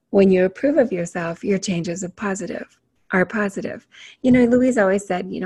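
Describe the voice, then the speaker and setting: Woman host of a self-help panel, slightly husky voice, encouraging, asks the group questions. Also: mid-range voice, expressive, moderate pace, darkish tone. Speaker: group facilitator.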